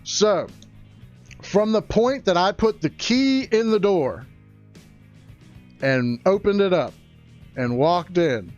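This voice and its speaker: A man telling a crude comic story, excitable and prone to loud rising outbursts. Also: high-pitched, takes it slowly, pauses often, lo-fi sound, faint music behind. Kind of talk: stand-up storytelling.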